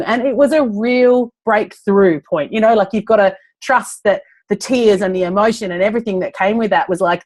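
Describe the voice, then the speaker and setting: A woman's voice: mid-range voice, moderate pace, few pauses, darkish tone. A woman coaching a small group, frank and chatty, laughing often. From Australia. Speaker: business coach. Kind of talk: casual group coaching call.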